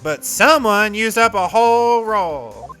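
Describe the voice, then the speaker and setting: A woman's voice: mid-range voice, big pitch swings, slow pace, fairly bright tone, faint music behind, voice pushed up. A woman doing a feisty Southern gal, Lotta Hart. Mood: feisty folksy. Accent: Southern US, put on. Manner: folksy drawl, feisty and blunt. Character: brash Southern young woman photographer.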